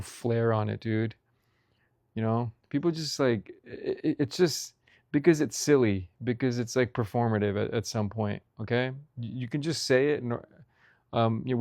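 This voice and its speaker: A man's voice: medium pitch, a little mellow, no echo. A young man vlogging about food in a rambling, profane rant, saying "dude" constantly. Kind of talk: casual ranting monologue.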